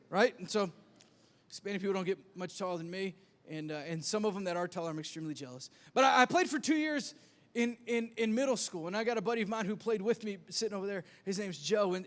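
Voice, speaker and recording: In a church sanctuary, a male pastor preaches, telling self-deprecating stories full of stammered restarts. His voice is high, trailed by a long reverb.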